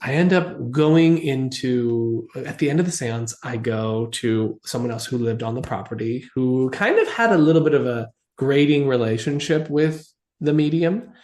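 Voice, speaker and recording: Male guest, mid-range voice, lively storyteller who acts out dialogue; roomy, echoing recording. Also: mid-range voice, normal speed. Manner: animated, acts out quoted dialogue. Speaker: interview guest. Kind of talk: storytelling in an interview. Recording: roomy echo.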